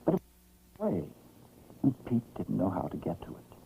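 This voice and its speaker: A man narrating a children's story in a gentle, expressive storytelling manner, from an old animated film. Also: deep voice, unhurried, creaky, a little hiss or hum. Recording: tinny, lo-fi old film sound.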